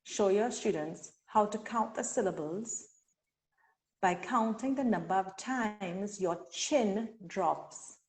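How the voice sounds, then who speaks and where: A woman from Trinidad and Tobago presents a teacher-training webinar. Her pace is slow and measured, and she stretches each syllable when she models words. Her pitch sits in an ordinary middle range. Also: darkish tone. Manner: slow, deliberate, sounds out syllables. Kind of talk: instructional webinar talk.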